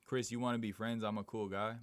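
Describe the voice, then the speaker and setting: A man's voice: lowish voice, level tone, fast talker, no echo. A man live streaming in a casual, slangy way, reading viewer comments aloud and chatting back. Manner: slangy, laid-back, reads chat aloud and answers it.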